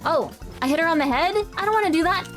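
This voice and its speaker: A woman's voice: very high voice, lively intonation, fast, a bit bright, faint music behind. A young woman streaming a game, bubbly and rambling, giggling and chatting with viewers. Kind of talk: casual let's-play chat.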